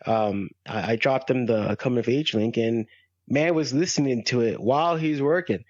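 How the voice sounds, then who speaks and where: A young man co-hosts a podcast in relaxed, wry chat, often joking at his own expense. His voice comes through slightly dull, as if the audio were low quality. The sound is dry and close. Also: moderate pace, dry recording. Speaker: podcast co-host. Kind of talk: casual chat.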